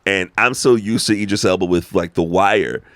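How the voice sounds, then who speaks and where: An American man chatting as a podcast guest, animated and emphatic, swearing freely as he tells stories. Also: sits low, moderate pace, dry recording. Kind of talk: casual conversation.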